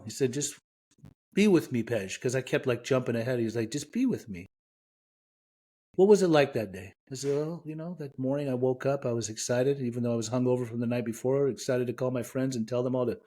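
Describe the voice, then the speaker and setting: A man's voice: mid-range voice, steady tone, fast, dark tone. Man from Iran telling an emotional story. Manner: emotional, vivid retelling with quoted dialogue. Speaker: podcast guest. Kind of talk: personal storytelling.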